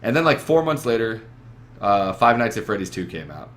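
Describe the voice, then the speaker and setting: A man's voice: fairly low pitch, sing-song, moderate pace. A young man hosting a gaming podcast from a webcam setup, talking in a rambling, profane, emphatic way. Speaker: podcast host. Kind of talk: casual chat.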